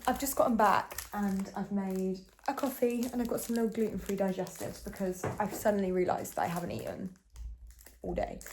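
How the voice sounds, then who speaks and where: A young woman talks to a handheld camera at home in a loose, rambling vlog style, filling gaps with ums and small laughs. Her voice sits at a middle pitch for a woman. A faint hiss runs under the recording. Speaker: vlogger. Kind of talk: casual chat.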